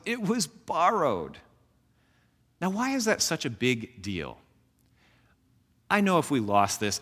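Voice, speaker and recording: A man giving a teaching sermon, explaining scripture in an animated way and tossing in self-aware jokes. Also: medium pitch, big-room sound. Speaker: Bible teacher.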